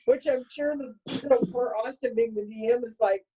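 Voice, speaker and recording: A woman's voice: fairly high pitch, brisk, dark tone. A woman chatting casually as a fellow player, playful and laughing along. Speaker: co-host and player. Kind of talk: casual chat. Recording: dull, slightly husky lo-fi mic.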